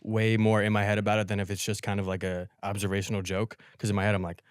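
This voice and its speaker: A young man hosting a podcast, laughing often and musing on stand-up in a relaxed way. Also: lowish voice, fast, clean tone, no echo, clean studio sound. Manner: laughs often, reflective, trails off softer. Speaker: podcast host, comedian. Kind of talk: casual chat.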